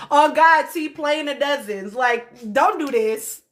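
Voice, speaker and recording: A woman with a high, slightly bright voice hosts a casual livestream. She laughs a lot and talks directly to her viewers, reacting to their comments.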